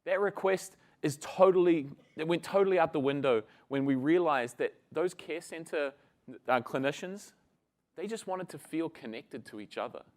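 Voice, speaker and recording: A man's voice: a little high, normal speed. Chatty male conference presenter. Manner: casual, chatty, engages the audience. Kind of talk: conference talk with storytelling.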